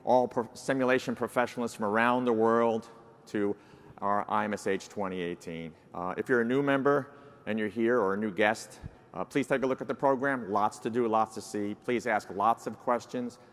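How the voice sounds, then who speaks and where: Older New York-accented man, lowish voice, folksy keynote with lots of uh, long hall reverb. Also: moderate pace. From New Jersey, United States. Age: 60s. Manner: folksy, self-deprecating, frequent uh fillers. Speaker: society president giving an address. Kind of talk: conference keynote speech. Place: large conference hall.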